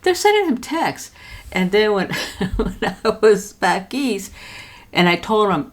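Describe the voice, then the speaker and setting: An older woman vlogger telling a story in a casual way from her home studio, jumping high in pitch when she quotes others. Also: takes it slowly. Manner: lively, jumps high when quoting others.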